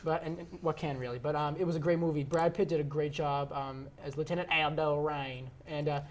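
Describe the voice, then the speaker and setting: A man's voice: on the high side, fairly even intonation, brisk, slight background noise. A young man co-hosting a casual sports debate, sarcastic and full of jabs. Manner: sarcastic, keeps tagging lines with "all right?". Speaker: co-host.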